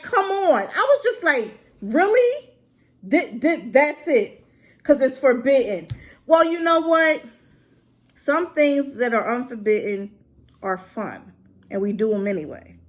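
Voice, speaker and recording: A woman reviewing a drama to camera in an unscripted, rambling rant, exclaiming and talking straight to her viewers. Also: high-pitched. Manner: unscripted and unedited.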